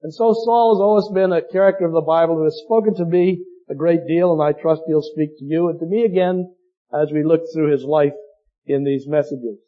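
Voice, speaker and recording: High-voiced preacher, lo-fi sound. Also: male voice, brisk. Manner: storytelling, fond of illustrations. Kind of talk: sermon. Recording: dull lo-fi recording.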